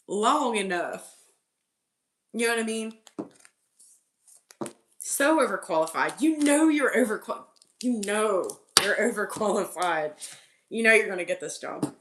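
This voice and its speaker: A woman, a tarot reader and channeler, gives a casual live tarot reading on a stream. Her mid-range voice is animated, a little slow, and pausing often; she's chatty, says "like" a lot, laughs often, and insistently repeats her messages. The recording has roomy echo plus a little hiss or hum.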